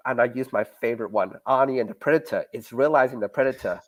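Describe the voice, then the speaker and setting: A man's voice: mid-range voice, quick pace. Laid-back man, chatty host. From Australia. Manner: animated, laughs often, breaks into mock voices. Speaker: podcast host. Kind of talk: casual chat about a TV series.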